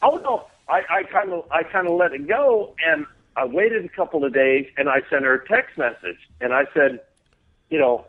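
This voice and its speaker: A man's voice: fairly high pitch, animated, normal speed. A man with a Texan accent telling a profane, laughing story in casual podcast chat. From Texas. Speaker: guest. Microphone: phone call. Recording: tinny phone line.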